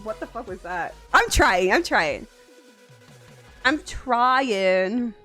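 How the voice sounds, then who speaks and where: A young woman streamer chatting casually on a live stream, animated and quick to laugh, swearing freely. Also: fairly high pitch. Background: faint music.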